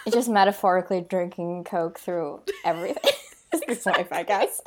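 A woman's voice: fairly low pitch, normal speed, noisy background. A woman co-hosting a podcast in casual chat, making dry, wry asides. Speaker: podcast co-host.

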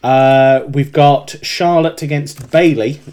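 A man's voice: on the high side, fairly even intonation, slow, darkish tone. A man from Britain co-hosting a casual wrestling podcast, joking and laughing a lot while he reads through the upcoming matches. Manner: jokey, laughs often, reads out the match card. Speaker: podcast co-host.

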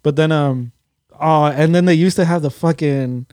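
A man's voice: on the high side, normal speed, darkish tone, no echo, clean studio sound. A young man co-hosting a podcast, telling stories in a rambling, profane, slangy way. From Mexican heritage. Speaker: podcast co-host. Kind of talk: casual chat. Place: podcast studio. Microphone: studio mic.

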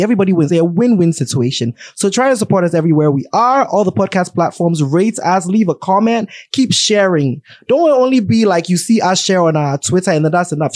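A man's voice: sits high, darkish tone, dry recording. A young man with a Ghanaian accent hosting a podcast in a playful, joking way, slipping into pidgin. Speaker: podcast host. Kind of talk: casual podcast chat.

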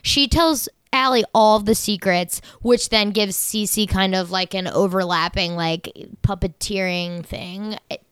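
A young woman chatting excitedly on a podcast, swearing freely and rushing through asides. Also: mid-range voice, clear, resonant tone, no echo. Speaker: podcast co-host. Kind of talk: casual chat.

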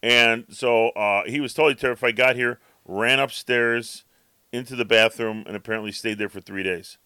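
Bright-voiced man telling rambling stories. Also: medium pitch, steady tone, normal speed, clear, resonant tone, no room sound. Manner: rambling storyteller, acts out the cat's thoughts. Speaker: podcast co-host. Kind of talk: casual chat.

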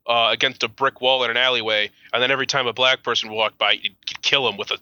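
A man's voice: mid-range voice, fairly even intonation, sharp tone, no echo. A man co-hosting a podcast, joking crudely and riffing on the story in casual banter. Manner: joking, crude, quick to laugh, riffs on the story. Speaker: podcast co-host.

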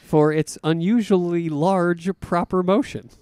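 Man, podcast co-host, casual chat, playful teasing delivery, smooth clear voice, fairly high pitch. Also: steady tone, a little slow, a little mellow, no echo.

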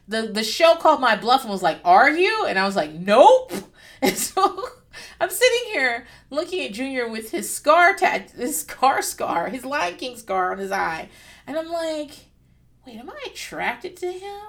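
Woman vlogger, higher-pitched, blunt and swearing, chatty TV reaction commentary. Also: moderate pace. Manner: candid and profane, with lively asides.

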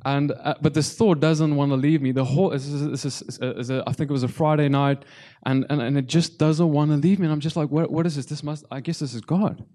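Male preacher, tearful testimony, halting delivery, mellow tone, slightly high. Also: fairly even intonation. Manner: halting, repeats words, addresses congregation. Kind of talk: testimony sermon.

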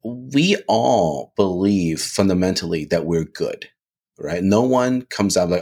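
A man talking casually on a podcast, animated, restarting phrases and often asking "right?". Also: low voice, a little slow, slightly rough. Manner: animated, repeats words, lots of "right?". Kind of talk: casual discussion.

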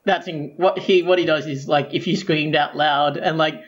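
A man's voice: fairly high pitch, normal speed. A man co-hosting a podcast, chatting casually about song lyrics with lots of "like" and easy laughter. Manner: relaxed, lots of "like", laughs easily. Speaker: podcast co-host.

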